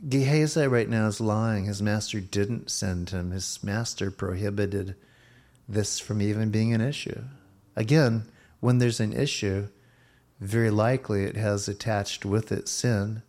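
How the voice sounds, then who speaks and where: Lower-voiced man preaching a sermon. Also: measured pace, a little mellow. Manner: expository preaching with acted-out quotes of Bible figures. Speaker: pastor.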